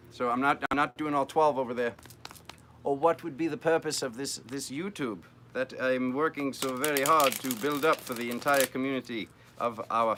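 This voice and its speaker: A man's voice: medium pitch, fairly bright tone, slight background noise. A man hosting a live-streamed tarot reading, chatting playfully and joking with his viewers as he works through the cards.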